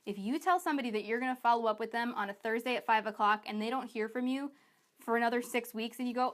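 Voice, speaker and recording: A woman with a somewhat high voice delivers a sales training talk to coaches. She talks in a chatty, energetic and emphatic way, and she keeps slipping into her clients' voices for quick asides. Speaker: business coach.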